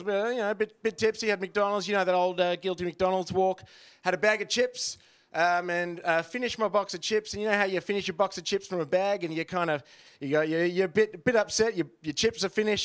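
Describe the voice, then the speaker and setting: A man's voice: high-pitched, fairly bright tone, smooth. A man in his thirties doing a rambling, self-deprecating stand-up set, full of ums and uhs. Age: 30s. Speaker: stand-up comedian.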